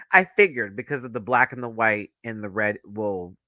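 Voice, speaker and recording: A man giving a campy, animated live review on his channel, laughing often and swinging his voice high and low. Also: dry recording, clean studio sound. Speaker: YouTube reviewer.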